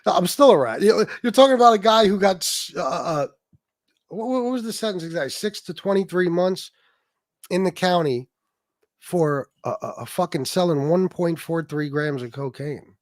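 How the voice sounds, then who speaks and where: A man's voice: sits high, lively intonation, normal speed, no room sound, clean studio sound. A man hosting a livestream, ranting angrily and profanely at his critics while reading chat. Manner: profane, aggressive, talks to chat. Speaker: livestream host. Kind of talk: heated livestream rant.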